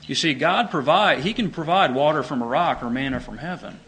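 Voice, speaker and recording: A middle-aged man preaching a sermon, earnest and emphatic, pitching up on his key points. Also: a little fast, hardly any pauses, sharp tone, rough recording.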